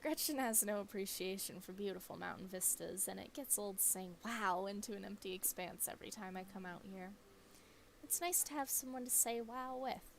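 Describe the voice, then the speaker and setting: A woman voicing a friendly, easygoing young woman in a game, reading her lines in a relaxed, natural way. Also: medium pitch, normal speed, vocal fry, slight background noise, close to an everyday voice. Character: cheerful young woman, a friendly cryptid hunter.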